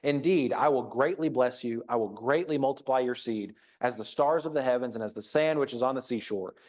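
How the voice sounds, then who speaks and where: A man stands before a church congregation and talks through a Bible passage in a thoughtful, unpolished way. He reads verses aloud, then pauses to reflect, often restarting his sentences. His voice sits in an ordinary middle pitch. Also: a little mellow. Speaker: preacher. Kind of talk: conversational sermon. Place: church auditorium.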